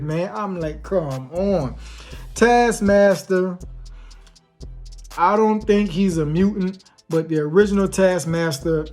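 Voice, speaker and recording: A man's voice: sits high, darkish tone. A man giving a casual, opinionated movie review in a slangy, conversational way, full of rhetorical asides.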